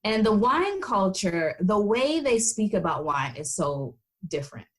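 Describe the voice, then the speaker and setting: A woman's voice: mid-range voice, sing-song, a little slow. An American woman in an interview, telling stories in a chatty way with many fillers and playful quoted voices. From United States. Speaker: guest. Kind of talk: casual interview chat.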